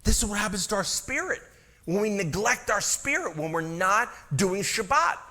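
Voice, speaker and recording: A man's voice: high voice, expressive, normal speed, sharp tone. A man preaching a conversational sermon as pastor in a church, with speech, full of asides and rhetorical questions to the congregation. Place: church sanctuary.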